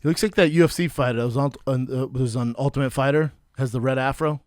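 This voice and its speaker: A man in his thirties hosting a podcast, telling animated stories and acting out the quotes in a casual chat. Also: medium pitch, quick pace, no room sound, clean studio sound. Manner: animated storyteller, acts out quotes. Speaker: podcast host.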